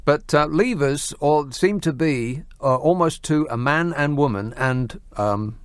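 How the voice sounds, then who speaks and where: A man's voice: fairly high pitch, animated, measured pace, smooth, dry recording. A man hosting a late-night radio phone-in, dry and teasing as he takes calls. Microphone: studio mic.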